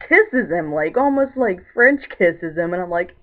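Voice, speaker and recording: A woman's voice: on the low side, animated, measured pace. A woman giving a casual vlog movie review in a rambling, filler-heavy way, sounding exasperated. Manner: exasperated and indignant. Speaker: film reviewer. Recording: tinny, phone-like lo-fi sound.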